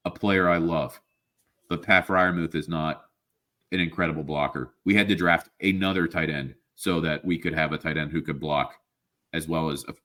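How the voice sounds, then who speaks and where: A man's voice: sits low, a bit bright. A man co-hosting a casual sports podcast, ranting with profanity and frustration while feeling sick. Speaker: podcast co-host.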